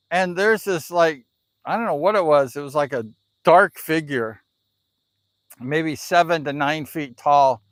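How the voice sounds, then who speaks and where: A man with a slightly raised pitch tells a story casually on a live stream. He rambles, filling his sentences with "like" and "you know". His voice sounds dry and close, with no room echo. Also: fairly bright tone, smooth.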